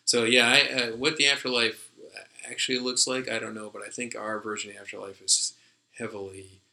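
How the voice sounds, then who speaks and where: A man's voice: mid-range voice, little pitch movement, brisk, gravelly, pushed and bright, low-quality recording. A man co-hosting a casual discussion, rambling with many fillers and restarts as he thinks aloud. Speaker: podcast co-host.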